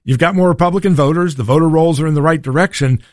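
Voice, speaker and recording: Folksy talk radio host, dry sound. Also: male voice, a little high, fast talker, a little mellow, no echo. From Tennessee. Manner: folksy, combative opinion delivery.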